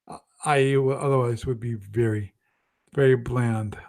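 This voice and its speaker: A man's voice: medium pitch, steady tone, moderate pace, darkish tone. A man hosting a live stream, chatting casually and thinking aloud, with frequent restarts and self-deprecating asides. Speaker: host of a gaming livestream.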